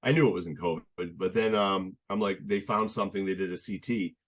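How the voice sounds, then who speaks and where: A young man chatting as a podcast guest, telling his story in an earnest, halting way with many restarts. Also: low voice. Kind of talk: casual conversational storytelling.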